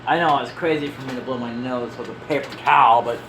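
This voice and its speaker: A man's voice: medium pitch, fairly even intonation, fast, background noise. A man doing casual let's-play commentary, reading every character's game dialogue aloud with joking, off-hand asides.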